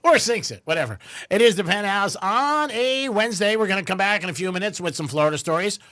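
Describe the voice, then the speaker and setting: A man's voice: high-pitched, expressive, quick pace, bright, forceful tone. A man hosting a radio show in loose casual chat, rambling with lots of fillers. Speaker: radio host.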